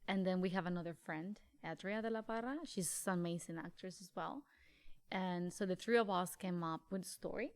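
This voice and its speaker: A woman's voice: lowish voice, fairly quick. A woman from Mexico with a Mexican Spanish accent, a guest chatting casually in an interview and often filling with "like". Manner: chatty, leans on "like" as a filler. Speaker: actress and guest.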